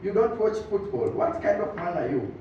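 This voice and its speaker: Tanzanian male stand-up comic, bouncy high delivery, distant, muffled and boomy club sound with room noise. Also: normal speed, very echoey. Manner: animated storytelling, switching between English and Swahili. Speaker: stand-up comedian. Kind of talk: stand-up comedy routine. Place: comedy club stage.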